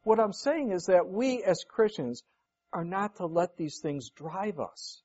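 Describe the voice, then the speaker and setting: A man's voice: high-pitched, lively intonation, measured pace, a little mellow. A man preaching a conversational sermon as pastor, folksy and anecdotal, acting out the voices in his stories. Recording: dull lo-fi recording.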